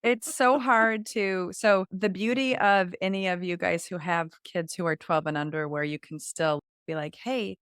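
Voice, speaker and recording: A woman's voice: fairly low pitch, steady tone, a bit bright, clear, resonant tone, no room sound, clean studio sound. A woman in her forties co-hosting a podcast, chatting candidly and reflectively about parenting. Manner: candid, reflective, quick asides. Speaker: podcast co-host. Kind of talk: casual chat.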